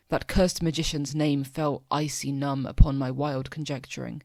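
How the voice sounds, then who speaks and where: A young man at home reading narrative poetry aloud as an amateur audiobook, in a measured, dramatic way. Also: mid-range voice, level tone, gravelly, dry recording. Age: young adult. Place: home room.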